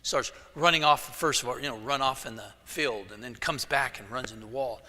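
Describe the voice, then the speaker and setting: Male pastor, casual joking sermon style, bright voice, long church reverb. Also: medium pitch, normal speed. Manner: casual storytelling with jokes. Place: church sanctuary. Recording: echoey church hall.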